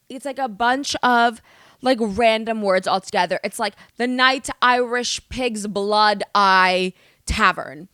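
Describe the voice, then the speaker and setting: A young woman rattling off comic rants on her solo podcast, animated and self-mocking, with plenty of swearing. Her voice is bright and edgy and sits a little high, and the sound is dry and close. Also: unhurried, no room sound. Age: young adult. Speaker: podcast host. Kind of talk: comedic solo podcast monologue.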